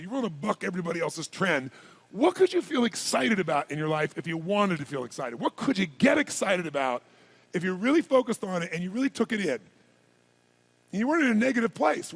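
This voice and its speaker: A man giving a live seminar address as a motivational speaker, firing rapid questions and commands at the audience. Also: sits high. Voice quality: gravelly, husky voice.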